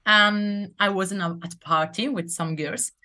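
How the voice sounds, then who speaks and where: A woman's voice: medium pitch, fairly even intonation, normal speed, sharp tone. A young Italian woman, a native Italian speaker, chatting in an interview and telling her story with laughs and acted-out quotes. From Italy. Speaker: rugby player guest. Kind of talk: casual interview chat.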